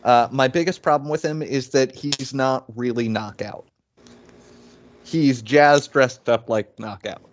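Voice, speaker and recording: A man's voice: mid-range voice, a little slow. A man with a mid-range voice chats easygoing as a podcast co-host, a bit self-deprecating and often restarting his sentences. The audio is dull and lo-fi. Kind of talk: casual chat about toy purchases.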